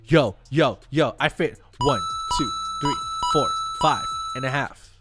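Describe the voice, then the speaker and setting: A young man, a web developer streaming live, reacting excitedly to salary figures and talking to his chat. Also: mid-range voice, slow pace, over loud music.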